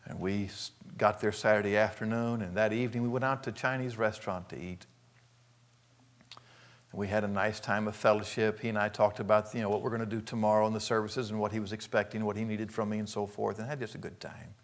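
An older man from Arkansas preaching a sermon, telling folksy stories and acting out the scenes with animated delivery. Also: on the low side, fast. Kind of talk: sermon storytelling.

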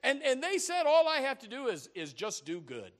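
A man voicing an anxious ordinary man seeking salvation, who stammers and gets excited. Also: extremely high pitch, moderate pace, pitched above the performer's own voice, exaggerated voice. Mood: eager.

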